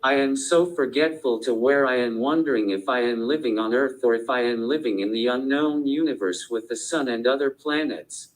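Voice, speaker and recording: A man speaking in a deadpan way during a casual chat. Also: medium pitch, normal speed, hardly any pauses, rough recording.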